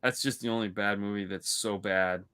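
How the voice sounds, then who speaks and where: A male podcast co-host chats casually about movies, rambling through stories full of restarts. His voice is on the low side, steady in tone and normal in speed, with a pushed, bright, clear and resonant quality.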